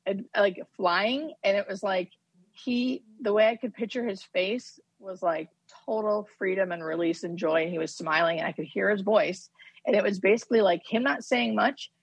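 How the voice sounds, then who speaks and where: A woman hospice nurse, a podcast guest, telling a personal story in a halting, animated way with many fillers. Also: medium pitch, slightly rough, dry recording. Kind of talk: casual podcast conversation.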